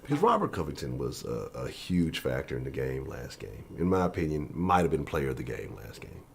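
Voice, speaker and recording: A man's voice: extremely low pitch, sing-song, fairly quick, gravelly, a little hiss or hum. A man hosting his sports channel in a casual live-stream chat from his home office, profane and loose.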